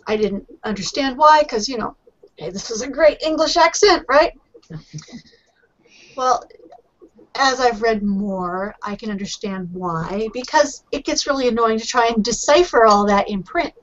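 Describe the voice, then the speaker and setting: A woman editor explaining writing craft in a casual panel discussion, talking in a chatty, explanatory way. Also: medium pitch. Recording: muffled lo-fi recording.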